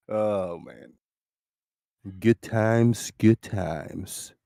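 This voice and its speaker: Loud guy hosting a voice chat stream, swears a lot, laughs, dry close mic sound. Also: lowish voice, gravelly, no echo. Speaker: stream host. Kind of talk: casual voice-chat banter. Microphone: close desk microphone.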